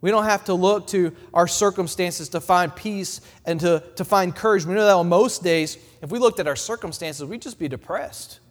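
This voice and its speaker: A man with a high, light voice delivers an evening sermon in a church, the sound trailing off in a long hall reverb. He builds through repeated phrases and lets his voice fall quiet and gentle when giving quoted words of comfort. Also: moderate pace, few pauses. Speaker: preacher.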